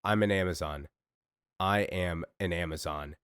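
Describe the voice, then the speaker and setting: A fierce young warrior princess speaks in a solemn, declaiming way, read aloud by a man. The voice sits fairly low and the sound is dry and close, with no room around it. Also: a little slow, fairly bright tone, smooth, dry recording. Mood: defiant.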